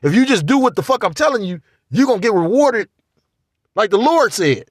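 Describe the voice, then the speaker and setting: A man's voice: high-pitched, a little fast, no echo, studio quality. A man vlogging a casual spiritual monologue, rambling and profane. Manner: profane, rambling, animated ranting.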